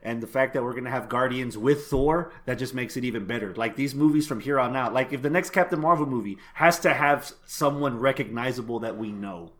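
A man's voice: mid-range voice, a little fast, hardly any pauses, a bit bright. A man co-hosting a casual movie podcast, giving opinions and teasing his friends. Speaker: podcast co-host.

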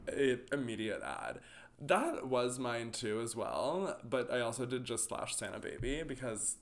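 A man's voice: mid-range voice, very animated, a little slow. A man co-hosting a podcast in casual chat, jokey and laughing often. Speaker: podcast co-host.

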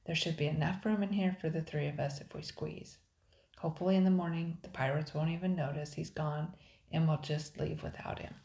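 A jittery young boy whose voice jumps up high when he protests, the cautious older brother in a children's adventure story, voiced by an older woman. A faint gravel runs beneath. The recording carries an echoey room. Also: fairly even intonation, fairly quick, a little mellow, muffled recording. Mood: planning. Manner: nervous, protesting.

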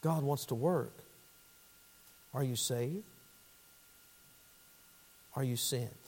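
A pastor preaching a sermon with fervour, dropping to quiet pleading and then rising to loud urgency. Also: male voice, mid-range voice, extremely slow. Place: church sanctuary. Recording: long church hall reverb.

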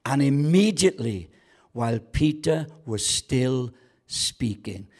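A man's voice: medium pitch, expressive, slow, darkish tone. A man preaching a sermon as a guest pastor, colloquial and joking, building to passionate calls to the congregation.

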